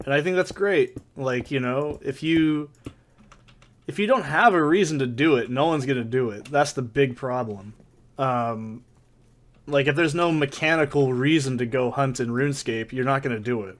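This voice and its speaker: A man's voice: mid-range voice, normal speed. A man hosting a let's play, talking through his gameplay in a rambling, profane, mock-ranting way. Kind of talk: casual gameplay commentary. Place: soundproofed home corner. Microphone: desk condenser mic with pop filter.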